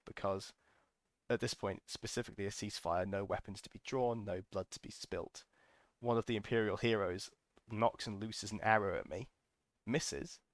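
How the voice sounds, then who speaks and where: A man's voice: fairly low pitch, no echo, studio quality. A man hosting a podcast, telling a casual, enthusiastic story full of ums and restarts. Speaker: podcast host.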